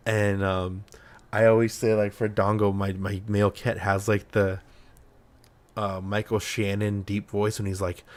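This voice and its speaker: A young man chatting casually as host of a live stream, his voice sitting a little low. He rambles, jokes and swears offhandedly. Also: flat delivery, a little slow.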